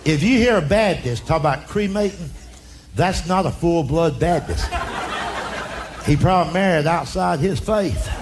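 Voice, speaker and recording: A man's voice: on the high side, moderate pace. A middle-aged man telling stand-up stories in a folksy, drawling way on a club stage. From United States. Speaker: stand-up comedian. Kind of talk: stand-up storytelling. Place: comedy club stage with live audience. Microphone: stage mic. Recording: live club recording, crowd noise. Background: audience laughter.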